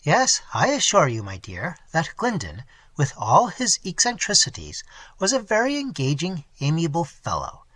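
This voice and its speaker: A man's voice: on the high side, wildly swooping pitch, normal speed, a bit bright, dry recording, full character voice. A man doing a pompous, respectable English husband. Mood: earnest. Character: respectable, comfortable middle-aged English husband.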